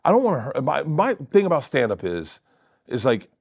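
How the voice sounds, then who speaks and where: A man's voice: mid-range voice, huge pitch swings, normal speed, darkish tone, slightly rough, dry recording, studio quality. A comedian in his fifties telling rambling stories as a guest, restarting often and swearing freely. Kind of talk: animated anecdote telling.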